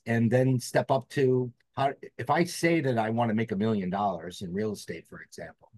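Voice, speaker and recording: A man's voice: medium pitch, normal speed, darkish tone, no echo. A man, a podcast guest telling a personal story in an earnest, reflective way. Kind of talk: storytelling interview.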